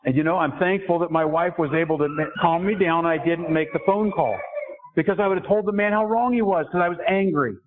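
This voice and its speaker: A man's voice: fairly high pitch, fast, slight background noise. A middle-aged man preaching a sermon earnestly, asking his listeners questions. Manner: earnest, asks the congregation questions. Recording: tinny phone-like sound.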